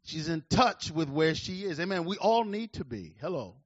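A man in his forties preaching with fervor, his voice sitting a little high for a man. He swings from loud declarations to hushed, drawn-out lines, with quick asides to the congregation. The sound is dry, close and a bit dull. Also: very animated, no echo. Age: 40s. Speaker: pastor. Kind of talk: sermon.

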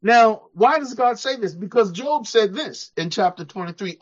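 A preacher man delivering an animated sermon, his pitch swinging up and down as he acts out voices. The recording sounds dull and lo-fi. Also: moderate pace. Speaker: pastor.

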